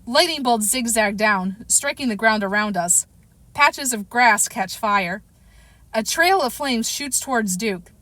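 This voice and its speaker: Woman narrating an audiobook, fairly high voice. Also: a little slow, no room sound. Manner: expressive storytelling, occasional self-corrections. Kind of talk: first-person audiobook narration.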